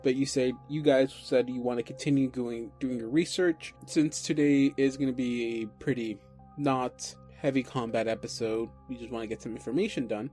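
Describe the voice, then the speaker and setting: A man's voice: mid-range voice, mellow. A man running a tabletop game as game master, rambling and restarting while he teases his players. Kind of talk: running a tabletop game over casual chat.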